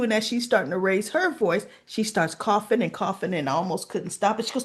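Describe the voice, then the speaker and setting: A woman's voice: medium pitch, normal speed. A woman giving a casual spoken recap of a soap episode, acting out the characters' lines and talking straight to her viewers. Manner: animated, acts out quoted lines, talks to viewers. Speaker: soap opera recap vlogger.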